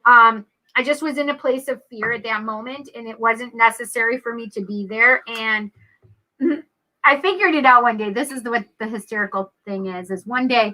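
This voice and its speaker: A woman co-hosting a radio talk show, telling a story in an animated, chatty way. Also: fairly high pitch, moderate pace, rough recording. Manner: animated, chatty, says "literally" and "I'm like". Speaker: radio co-host. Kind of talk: casual chat, storytelling.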